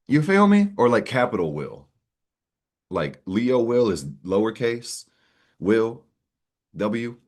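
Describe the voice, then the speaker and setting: A man with a deep, low-pitched voice runs an astrology vlog in a casual, unscripted way. He is brash and slangy, curses often, and keeps hyping up his audience. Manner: brash, profane, slangy and hyped. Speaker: astrology content creator.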